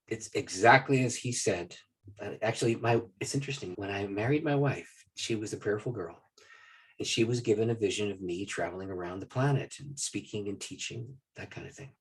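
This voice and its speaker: A man from Maine, a guest speaker on prayer, telling personal stories in a podcast interview. He tells them animatedly and drops to a hushed voice for solemn moments. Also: on the low side, slightly rough.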